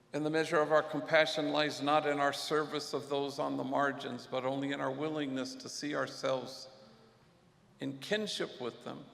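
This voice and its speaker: Gravelly-voiced priest telling stories. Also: male voice, on the high side, fairly bright tone. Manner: earnest, sprinkles Spanish phrases. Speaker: priest and guest speaker. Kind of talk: storytelling speech. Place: large banquet hall. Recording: echoey hall reverb.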